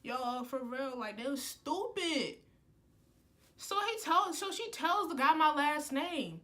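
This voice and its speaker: A young woman telling a heated storytime to camera, animated and full of "like" fillers. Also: high-pitched, slow pace. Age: young adult. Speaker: college student vlogger. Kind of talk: casual storytime.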